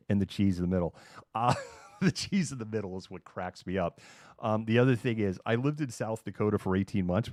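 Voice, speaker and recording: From a room at home, a middle-aged Massachusetts livestream host trades casual, sarcastic chat and imitates the people he quotes. His voice is fairly low and a little mellow, recorded at studio quality with no echo.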